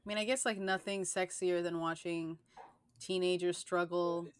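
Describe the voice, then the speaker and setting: A woman's voice: on the low side, fairly even intonation, moderate pace, clear, resonant tone, dry recording. A young woman co-hosting a podcast, talking in a rambling way with many filler words. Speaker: podcast co-host. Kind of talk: casual chat.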